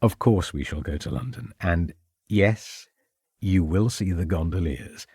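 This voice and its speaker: A man voicing a gentle, measured police inspector speaking tenderly to his wife. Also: low-pitched, expressive, vocal fry, slightly rough, dry recording, studio quality, exaggerated voice.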